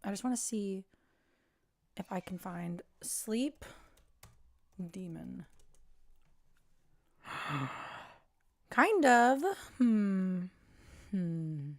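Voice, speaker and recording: A woman's voice: mid-range voice, very slow, long pauses, dark tone, dry recording. Chatty woman streamer, close and dry. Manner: rambling, chatty, trailing off mid-thought. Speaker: livestream host. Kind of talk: casual livestream chat.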